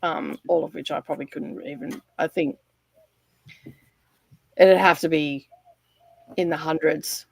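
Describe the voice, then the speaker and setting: Aussie woman rambling on, lots of ums and laughs, lowish voice, dry sound. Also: steady tone, measured pace, creaky, pauses often, breathy edge, no echo. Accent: Australian. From Australia. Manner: rambling, chatty, laughs often, many fillers. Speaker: livestream guest. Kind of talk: casual chat.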